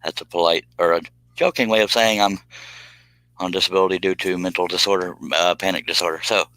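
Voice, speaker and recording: A man's voice: low-pitched, steady tone, brisk, sharp tone, rough recording. A man from the United States, chatting casually with viewers on a live stream, joking and rambling off on tangents. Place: home streaming space.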